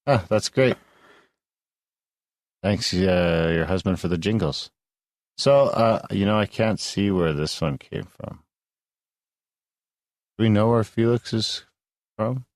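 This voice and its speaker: Man, very low voice, co-host trading jokes, dry close sound. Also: slow pace, pauses often, darkish tone, dry recording. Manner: teasing, joking banter. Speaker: podcast co-host. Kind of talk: casual chat.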